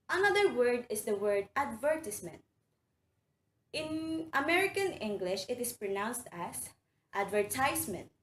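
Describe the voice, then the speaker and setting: A woman teaching a recorded reading lesson, carefully saying words aloud for students to repeat. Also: medium pitch. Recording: roomy echo, faint background noise.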